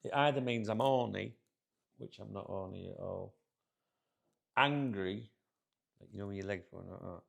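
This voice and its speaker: A middle-aged man rants to camera in a rambling, swearing, grumbling way. His voice sits a little low and is heavily gravelly. He talks casually, like a football channel host sat in his chair. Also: normal speed, pauses often.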